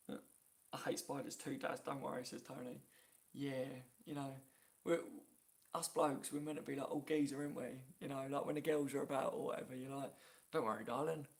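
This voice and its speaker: A man's voice: medium pitch, creaky. A man hosting a casual live stream from his phone, reading viewer comments aloud and laughing often. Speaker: YouTube live-stream host.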